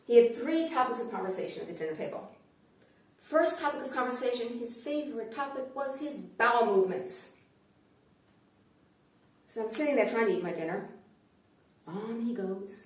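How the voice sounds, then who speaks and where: Sarcastic woman comedian, echoey and distant. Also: mid-range voice. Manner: sarcastic, swings from hushed asides to loud outbursts. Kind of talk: stand-up comedy monologue.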